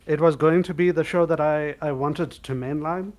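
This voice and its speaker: A man's voice: fairly high pitch, fairly even intonation, moderate pace, a little mellow. A man co-hosting a podcast, chatting casually and stating his opinions earnestly and emphatically. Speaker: podcast co-host.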